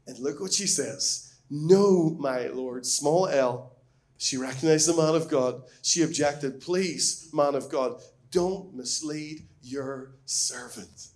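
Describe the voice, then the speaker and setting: A man's voice: a little high, slow pace, a little mellow. A man preaching a sermon as a pastor, reading scripture and speaking earnestly and emphatically, with rising questions.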